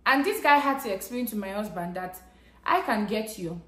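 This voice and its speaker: A woman's voice: medium pitch, animated, moderate pace, pushed and bright. A Nigerian woman with a Nigerian English accent, telling a personal story to camera in an earnest, conversational way. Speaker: vlogger. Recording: echoey room.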